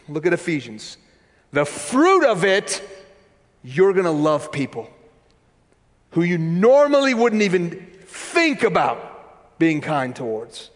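A man with a high voice preaches to his congregation, storytelling with animated asides and quick voices for the people in his tale. His words ring with the long reverb of a large sanctuary. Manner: animated, conversational, acts out quoted voices. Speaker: pastor. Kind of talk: sermon with storytelling.

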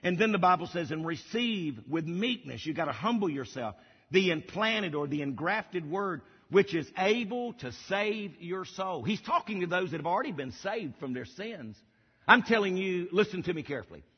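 A man's voice: high-pitched, lively intonation, moderate pace, husky. Man preaching emphatically in a reverberant hall. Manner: emphatic preaching with repeated phrases. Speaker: pastor. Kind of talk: sermon. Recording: dull lo-fi audio with long hall reverb.

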